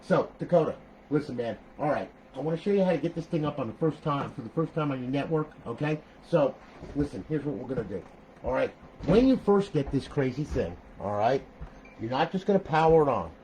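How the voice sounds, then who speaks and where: A man's voice: mid-range voice, expressive, a little fast, darkish tone, slight background noise, rough recording. An older man casually walking through a modded game console setup, rambling and chatty, tagging lines with "okay?" and "all right" and swearing now and then. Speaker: console modder showing a build. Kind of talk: casual tutorial walkthrough.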